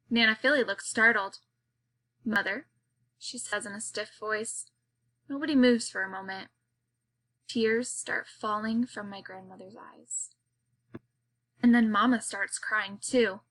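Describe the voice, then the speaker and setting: A woman reading an audiobook aloud as a girl's first-person narration, with steady storytelling. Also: medium pitch.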